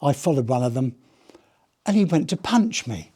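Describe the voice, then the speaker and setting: A man's voice: mid-range voice, big pitch swings, normal speed, warm tone, breathy edge. An older man, a retired police officer, giving a rambling, chatty anecdotal talk to a live audience. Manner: rambling, chatty storyteller with many restarts. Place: heritage gallery talk.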